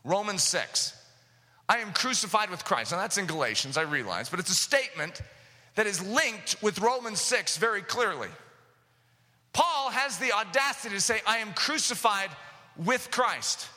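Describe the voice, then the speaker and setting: A man preaching a sermon, impassioned, with sudden loud outbursts, recorded in an echoey hall. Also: sits high, expressive, moderate pace.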